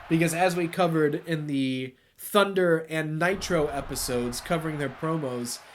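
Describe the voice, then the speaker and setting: A man hosting a wrestling video game playthrough, chatting casually, laughing and swearing, then shouting play-by-play at the big moves. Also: a little high. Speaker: let's play host.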